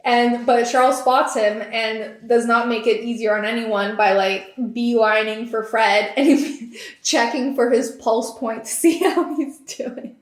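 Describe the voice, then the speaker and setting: A woman's voice: a little high, steady tone, unhurried. A young woman hosting a podcast in casual chat, giggling and talking in a loose stream of fillers and "like". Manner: chatty, giggly, lots of fillers and likes. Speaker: podcast host. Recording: echoey room.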